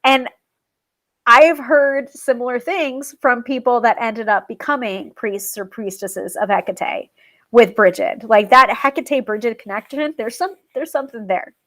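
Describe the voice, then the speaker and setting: A woman's voice: on the high side, unhurried, a bit bright. A woman hosting a tarot show, talking casually about working with a goddess and reading tips from a list, with frequent ums, restarts and self-amused asides. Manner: chatty, many ums and restarts, laughs at herself.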